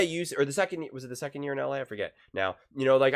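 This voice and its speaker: A man's voice: mid-range voice, lively intonation, rapid-fire, few pauses. A man giving casual sports reaction commentary, skeptical and argumentative, rambling with fillers.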